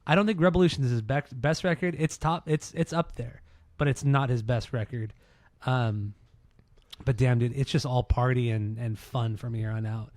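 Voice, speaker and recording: A man's voice: mid-range voice, steady tone, normal speed, darkish tone, dry recording. Blunt young man, dry close sound. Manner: blunt, enthusiastic, swears. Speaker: podcast co-host. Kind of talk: casual chat.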